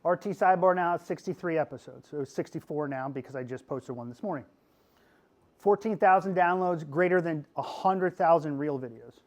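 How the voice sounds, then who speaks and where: A middle-aged man from Pennsylvania gives a lively talk to a class of students. His voice sits a little high for a man, and he keeps it goofy and animated, checking in with "okay?" over and over. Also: normal speed. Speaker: podcast host giving a class talk.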